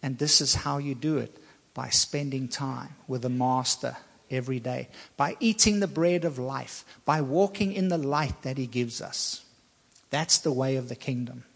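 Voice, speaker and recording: A man preaching a sermon, speaking with slow emphasis and repeating phrases to drive points home. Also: medium pitch, vocal fry, big-room sound.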